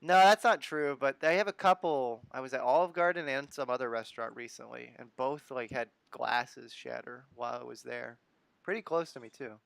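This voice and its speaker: A laid-back man from the United States hosts a live stream in easy, casual chat, pausing to read out viewer comments. His voice sits at a middling pitch and sounds close and dry, with almost no room around it. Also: gravelly, a bit bright, smooth, no echo.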